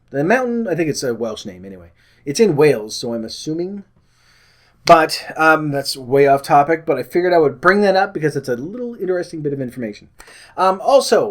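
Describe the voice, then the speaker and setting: A man with a Canadian accent talking casually to the camera in a vlog, rambling with many fillers and corrections. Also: fairly high pitch. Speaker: vlogger.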